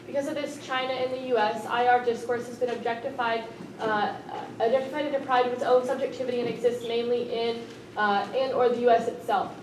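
A woman reading a passage aloud in a classroom, halting and stumbling over words. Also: on the high side, steady tone. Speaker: student reading evidence aloud. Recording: echoey room, far from the mic, noticeable noise.

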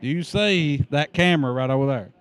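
A man's voice: on the high side, fairly quick. Folksy man greeting arrivals. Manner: folksy, joking, friendly instructions. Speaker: greeter at the prom entrance. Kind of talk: casual on-camera greeting.

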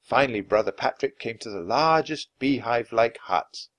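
A man reading a children's chapter book aloud in an expressive, lively way. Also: medium pitch, moderate pace. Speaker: storybook reader. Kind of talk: children's story read-aloud.

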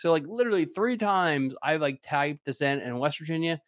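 A man co-hosting a podcast in casual chat, excitable and laughing often. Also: a little high, fast, no room sound, clean studio sound. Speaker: podcast co-host.

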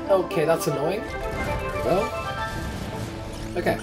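A gamer giving casual commentary while playing, reacting loudly and swearing freely. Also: medium pitch, very animated, measured pace. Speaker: gamer playing through a game. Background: game music.

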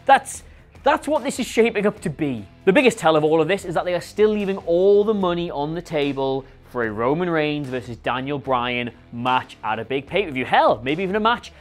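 A man hosting a scripted wrestling rumour show, talking in a sarcastic, animated, rhetorical way. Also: on the high side, a little fast, faint music behind. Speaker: host.

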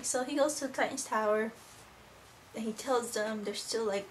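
Teen girl fan rambling thru a cartoon review, lotsa fillers, slightly high voice. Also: normal speed, a little hiss or hum. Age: teens. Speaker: video reviewer. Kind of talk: casual chatty episode review.

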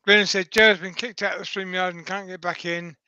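Man, high voice, bright tone, cheerful co-host reading chat, dull lo-fi call audio. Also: steady tone, fairly quick, dry recording. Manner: cheerful, relays viewer comments. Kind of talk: casual chat.

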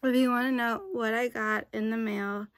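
A woman's voice: fairly high pitch, steady tone, normal speed, dry recording. A woman vlogging in a casual, chatty way, rambling with frequent asides. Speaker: YouTube vlogger.

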